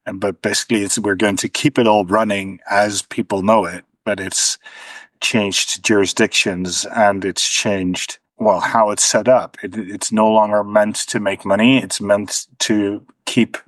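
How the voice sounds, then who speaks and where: A man's voice: fairly low pitch, little pitch movement, measured pace, no echo. A man speaking as an interview guest, thoughtful, with frequent restarts and a dry sarcastic streak. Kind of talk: conversational interview.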